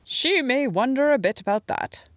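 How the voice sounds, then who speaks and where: A woman's voice: sits high, animated, normal speed, no room sound, voice pushed up. A woman reading the part of a kindly, dry-humored older handyman in an audiobook. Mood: amused. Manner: dry, matter-of-fact grumbling.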